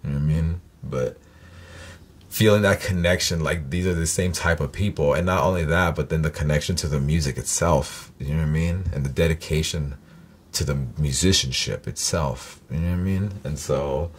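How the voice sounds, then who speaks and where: Brief: deep-voiced male host, casual, profane, rambling reaction chat. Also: normal speed, husky. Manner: profane, rambling, many fillers.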